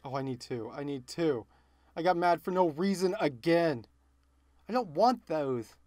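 A young man commentating his game session and getting frustrated, muttering and shouting in exasperation. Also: fairly high pitch, animated, unhurried, no room sound. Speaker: gaming video host. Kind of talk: let's play commentary. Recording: loud game music behind.

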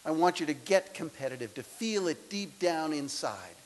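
A man in his sixties giving a motivational speech to students, his delivery swinging between loud emphasis and soft, intimate lines. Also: a little high, sing-song, moderate pace, rough recording. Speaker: speaker. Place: lecture hall.

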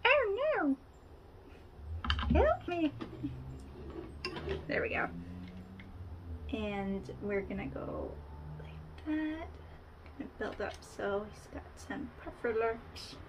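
A woman's voice: medium pitch, takes it slowly, pauses often, background noise. A woman hosting a casual craft tutorial, chatting to the viewer and poking fun at herself as she works. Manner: chatty and self-deprecating, talking to the viewer while working.

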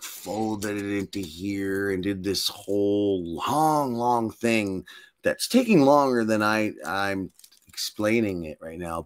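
A man's voice: lowish voice, a bit bright. A man co-hosting a casual podcast, telling loose, joking stories full of swearing. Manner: profane, joking, storytelling. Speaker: podcast co-host. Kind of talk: casual podcast chat with tangents.

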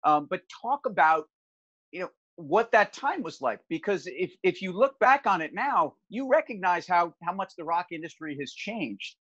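A man hosts a casual interview, circling around his questions with restarts and fillers. His voice is a touch high and the recording sounds a little dull and dry. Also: very animated, moderate pace, pushed and bright, no echo. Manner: rambling, many restarts and fillers. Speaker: podcast host.

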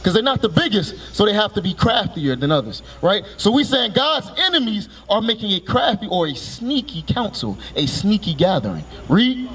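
High-voiced male street preacher. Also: very animated, moderate pace, hardly any pauses, fairly bright tone, breathy edge. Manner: commanding, calls for each scripture reading with a curt "Read", then explains it; quizzes listeners with repeated "right?" and rhetorical questions. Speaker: street preacher teaching passers-by. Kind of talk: street preaching with questions to listeners.

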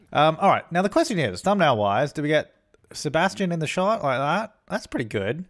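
A man's voice: on the high side, big pitch swings, fairly quick, fairly bright tone. A young man giving casual let's-play commentary, chatty and self-correcting as he plays. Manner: chatty, self-correcting, often voicing his characters. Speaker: gaming YouTuber.

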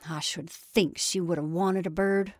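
A woman's voice: fairly low pitch, fairly even intonation, a little slow, no room sound, studio quality. Brief: woman reader plays a middle-aged farm wife, earnest and direct, storybook reading. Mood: wondering.

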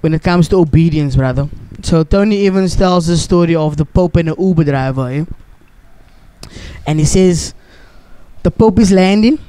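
Earnest South African man, high voice. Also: moderate pace, mellow, clean tone, no room sound. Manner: earnest, preachy, calls listener "bro". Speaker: podcast guest. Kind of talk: casual testimony. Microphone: studio mic.

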